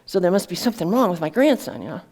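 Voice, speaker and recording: A woman's voice: on the low side, animated, very fast, a little mellow. A woman author telling a heartfelt story to an audience in an earnest, conversational way, with fillers and restarts. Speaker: author presenting her book.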